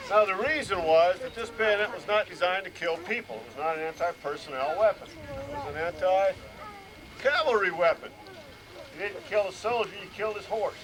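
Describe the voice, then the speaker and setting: A man's voice: high voice, normal speed, a crowd in the background. A man giving an outdoor reenactment demonstration, explaining rifle drill steadily and barking out commands. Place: outdoors at a historic fort. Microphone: camcorder from a distance. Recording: noisy outdoor camcorder audio.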